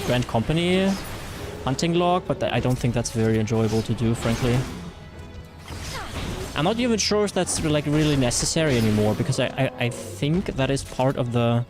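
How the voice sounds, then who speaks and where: A man with a German accent chatting casually through a game livestream, rambling with fillers and reading chat messages aloud. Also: medium pitch. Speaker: streamer.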